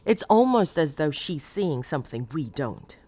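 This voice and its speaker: A woman's voice: low-pitched, very animated, normal speed, mellow, slight background noise. A woman voicing a reserved grieving father. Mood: weary. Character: grieving middle-aged father, reserved and guarded.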